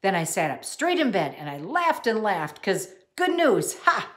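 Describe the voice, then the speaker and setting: A woman's voice: medium pitch, sing-song, unhurried, slight background noise. A woman teacher cheerfully and expressively reading a children's book aloud to her class.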